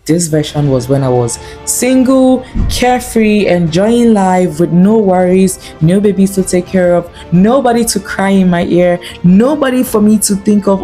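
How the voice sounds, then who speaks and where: A young woman talking candidly to camera in a lifestyle vlog, earnest and confiding with lively asides. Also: medium pitch, moderate pace, hardly any pauses, soft background music. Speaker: lifestyle vlogger.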